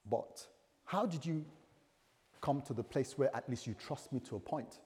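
A male pastor preaching a sermon in a conversational, animated way, acting out little dialogues. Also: mid-range voice, normal speed, a little hiss or hum. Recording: long hall reverb.

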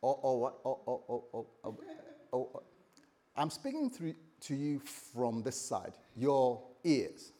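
A man preaching a morning sermon as pastor, repeating phrases and swinging between loud and soft. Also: mid-range voice, slow. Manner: lively, repetitive preaching with sudden loud and soft turns.

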